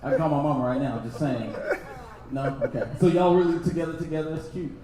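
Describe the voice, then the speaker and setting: A man's voice: on the high side, fast talker, recorded from a distance, very noisy. A man doing stand-up crowd work at a live show, teasing the audience in a casual, slangy way. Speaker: stand-up comedian. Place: small comedy show venue. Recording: echoey room with audience.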